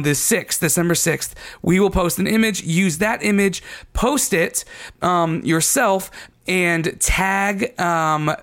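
A man's voice: a little high, a bit bright. A man co-hosting a casual podcast, reading out a contest announcement with lots of ums. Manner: chatty, full of ums, teasing. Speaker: podcast co-host.

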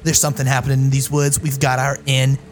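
A man playing a nosy young amateur reporter in a tabletop game, eager and quick-talking. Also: medium pitch, slight background noise, close to an everyday voice. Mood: excited. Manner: eager, rapid, excitable.

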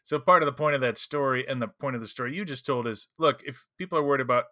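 Guy giving gm tips, bright punchy voice, keeps saying right?, dry mic. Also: medium pitch, fast talker, dry recording. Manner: animated, explanatory, checks in with "right?". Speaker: podcast co-host, game master. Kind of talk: casual chat.

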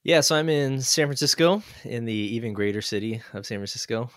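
A man's voice: mid-range voice, lively intonation, no room sound, clean studio sound. A man, an associate pastor, chatting playfully as a podcast guest. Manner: playful, quick to laugh. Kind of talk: casual interview chat.

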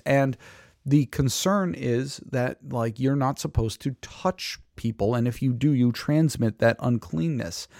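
Bible teacher, man, 30s, low gravelly mellow voice, loose chatty delivery, dry close sound. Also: no echo. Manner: conversational, many fillers and restarts. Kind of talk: casual Bible commentary.

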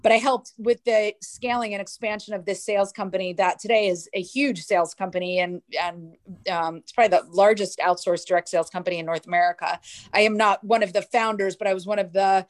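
A woman from New Jersey, a guest in an interview, telling her life story with lively restarts and acted-out quotes. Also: medium pitch, a little fast, dry recording.

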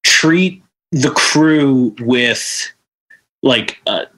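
A laid-back man tells a backstage story in casual chat, his voice bright and forceful. He swears freely and fills his talk with "like" and "you know.". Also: medium pitch, very slow, rough recording. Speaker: podcast co-host, stagehand.

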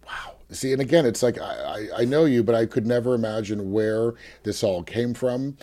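Mellow-voiced male interviewer. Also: medium pitch, moderate pace. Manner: attentive, many short affirmations.

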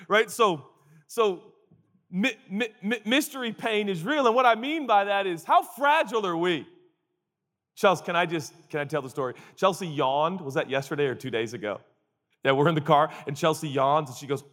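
A man's voice: animated, a little fast, fairly bright tone, big-room sound. A man in his forties, a pastor giving a sermon, who mixes comic storytelling and acted-out quotes with earnest questions. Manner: comic storytelling, acts out groans and quotes in a high voice.

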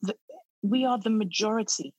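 Earnest, slightly husky woman guest. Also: mid-range voice, normal speed, darkish tone, no echo, lo-fi sound. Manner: earnest, heartfelt, with many restarts. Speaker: podcast guest, speaker on trauma. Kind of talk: casual interview conversation.

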